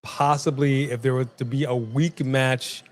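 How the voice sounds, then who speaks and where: A man's voice: mid-range voice, unhurried. A man co-hosting a wrestling watch-along stream, chatting casually and calling out to the live chat. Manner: chatty, animated, addresses the chat.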